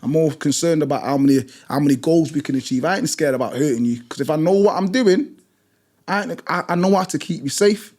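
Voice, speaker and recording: A British gym instructor talks in an emphatic, blunt way, hammering points home by repeating them. His voice sits a little higher than most men's. He tells his stories with drive and conviction. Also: a little fast, darkish tone. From Britain. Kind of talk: passionate storytelling in conversation.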